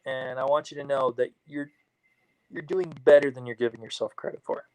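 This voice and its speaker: A man co-hosting a casual chat, relaxed as he tells a story and acts out both sides of a conversation. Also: mid-range voice, fairly quick, poor audio. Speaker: co-host.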